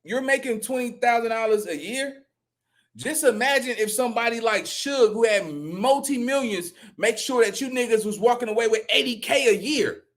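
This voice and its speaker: A man's voice: very high-pitched, normal speed, a bit bright. A man commenting on a live stream, rambling and profane, often repeating and restarting his words. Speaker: reaction streamer.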